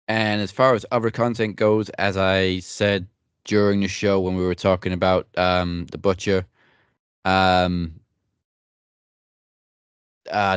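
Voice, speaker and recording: A man's voice: low voice, clear, resonant tone, no echo, muffled recording. A man co-hosting a podcast, signing off in a loose, joking way with casual swearing. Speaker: podcast co-host.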